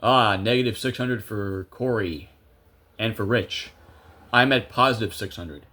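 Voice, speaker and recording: A young man makes a gameplay video, commentating casually in a chatty, self-amused way and thinking aloud with plenty of fillers. His voice is on the low side, bright and forceful, at a measured pace.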